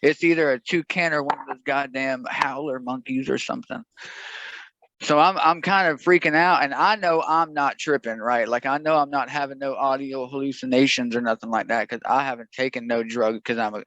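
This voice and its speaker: A man's voice: mid-range voice, fairly quick, fairly bright tone, no room sound, highs cut off. A young man telling a rambling, profane, jokey story in a casual podcast chat.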